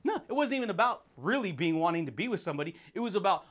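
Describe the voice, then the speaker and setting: A man hosting a motivational podcast, talking in an energetic, slangy way and putting on quick voices for the people he quotes. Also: high voice. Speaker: podcast host.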